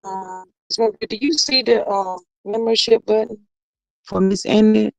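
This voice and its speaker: A woman's voice: medium pitch, moderate pace, vocal fry, no echo, lo-fi sound. A woman hosting a casual livestream, reading viewer comments aloud and greeting people by name in a drawling, chatty way. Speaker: livestream host.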